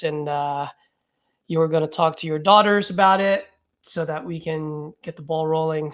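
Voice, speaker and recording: A man hosting a live stream, leaving easygoing, friendly voicemails for sellers and chatting with viewers, with relaxed filler words. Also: a little high. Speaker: real estate wholesaler hosting a live calling session.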